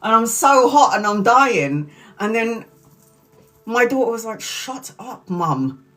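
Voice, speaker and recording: A woman's voice: fairly high pitch, animated, unhurried, fairly bright tone, soft background music. A middle-aged woman tarot reader on a live stream, telling a story with lots of swearing and laughter.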